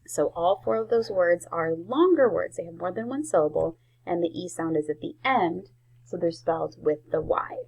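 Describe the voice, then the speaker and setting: A woman teaching a spelling lesson to young children, slowly sounding out each word. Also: fairly low pitch, expressive, darkish tone, poor audio. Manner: slow, clear sounding-out of words. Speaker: first grade teacher.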